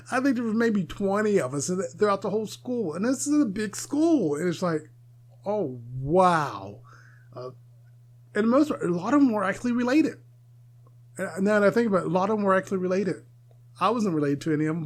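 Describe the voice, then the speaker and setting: Male podcaster, casual solo commentary, opinionated and digressive, light laughter. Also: high-pitched. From United States. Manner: opinionated, rambling, laughs often. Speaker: podcast host.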